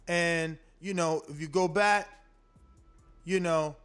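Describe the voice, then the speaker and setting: A man's voice: a little high, steady tone, takes it slowly, a bit bright, smooth, soft background music. A man hosting a boxing livestream, talking loosely and emphatically, swearing often and rambling. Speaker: boxing podcast host. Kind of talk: casual livestream chat.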